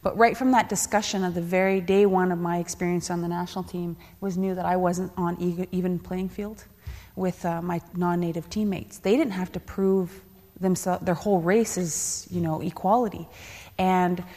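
A woman's voice: fairly low pitch, steady tone, moderate pace, a little mellow. A woman, speaking as a panelist and former athlete, telling a candid personal story and laughing now and then. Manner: candid, laughing, acts out quoted voices. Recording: reverberant hall.

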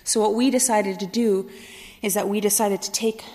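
A woman from Kahnawake, Quebec, telling a personal story in a lively way, often laughing and acting out what other people said. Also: mid-range voice, normal speed, in a large hall. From Kahnawake Mohawk community, Quebec, Canada. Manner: animated, laughing at her own story, voices others in dialogue. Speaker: storyteller recalling her youth.

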